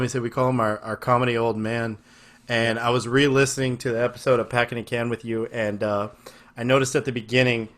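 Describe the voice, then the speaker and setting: A man's voice: medium pitch, a bit bright. A man from West Texas hosting a podcast over a video call, chatting casually with effusive, profane enthusiasm. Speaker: podcast host. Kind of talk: casual chat.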